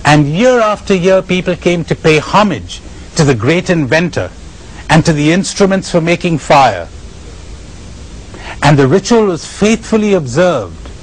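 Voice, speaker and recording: A man with an Indian accent giving a spiritual lecture, telling stories emphatically with dramatic pauses and chuckles. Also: fairly high pitch, lively intonation, rough recording. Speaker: spiritual retreat speaker.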